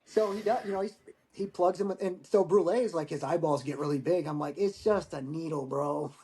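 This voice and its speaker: A man in his forties, a Marine veteran guest, telling war-training stories in a casual, profane, animated way. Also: high voice, fairly quick. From United States. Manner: profane, animated storyteller acting out dialogue. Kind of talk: casual storytelling interview.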